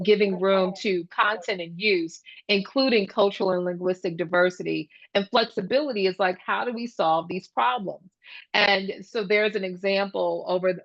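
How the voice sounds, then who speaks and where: A woman's voice: fairly low pitch, fairly bright tone, dry recording, lo-fi sound. A woman speaking as a guest speaker at a professional talk, explaining ideas and telling stories animatedly, acting out children's voices. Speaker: guest speaker, speech-language pathologist. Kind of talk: conference talk.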